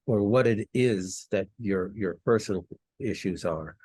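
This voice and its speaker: A man hosting a casual interview, speaking relaxed with frequent restarts. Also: lowish voice, a little slow, breathy edge. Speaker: host.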